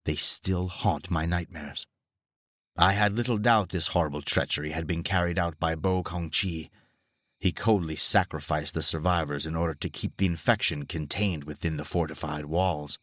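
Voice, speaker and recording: Deep husky male horror narrator. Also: fairly even intonation, normal speed, a bit bright, no room sound. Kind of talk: scripted horror story narration.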